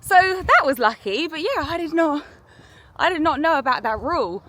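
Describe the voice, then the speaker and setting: Woman, thirties, vlogger, chatty and giggly, bright and fairly high voice, recorded outdoors on a hiking trail. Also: sing-song. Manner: chatty and quick to laugh. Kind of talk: casual travel vlog chat.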